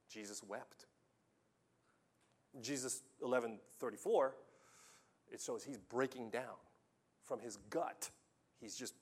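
A man preaching a sermon, telling stories with lively swings from loud urging to hushed, quiet lines. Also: medium pitch.

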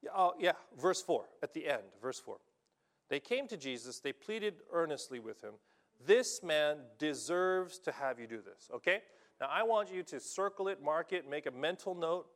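A male pastor preaching a sermon in an animated, emphatic way, often checking in with his listeners. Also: on the high side, normal speed. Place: church in Japan.

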